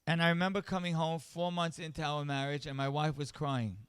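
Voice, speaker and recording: A man's voice: fairly high pitch, flat delivery, brisk, fairly bright tone, clean tone, no room sound. A middle-aged man, a rabbi, giving a sermon-style speech at a charity event, telling stories and building to impassioned emphasis. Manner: storytelling, rising to impassioned emphasis.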